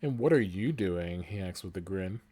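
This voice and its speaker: A man's voice: sits low, lively intonation, moderate pace, dark tone, husky. Laughing man reading fanfiction aloud. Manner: laughs often while reading, crude asides. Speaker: podcast co-host reading fanfiction. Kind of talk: comedic reading aloud with banter.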